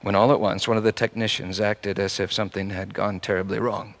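A man with a lowish voice preaches a sermon in a large hall, speaking a little fast. He tells a personal story animatedly, swinging from hushed softness to shouting.

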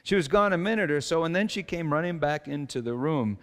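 A man's voice: fairly high pitch, lively intonation, fairly quick, in a large hall. An older man, a pastor, giving a conversational sermon with stories, fillers and restarts.

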